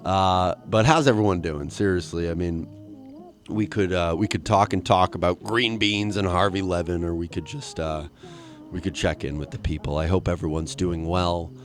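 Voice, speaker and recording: A man's voice: sits low, steady tone, moderate pace. A young man hosting a solo comedy podcast, rambling and self-mocking with many restarts. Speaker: podcast host.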